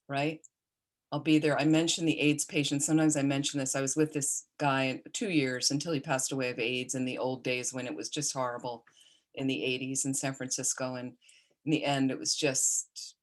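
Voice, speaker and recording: A middle-aged woman, a Buddhist nun, giving a calm, conversational dharma talk with personal stories. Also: extremely low pitch. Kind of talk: dharma talk on caring for the dying.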